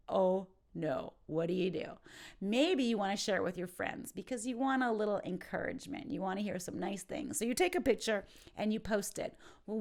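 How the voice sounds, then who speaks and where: Animated woman teaching English exclamations. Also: medium pitch. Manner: acts out each exclamation with big expressive swings. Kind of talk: informal ESL lesson.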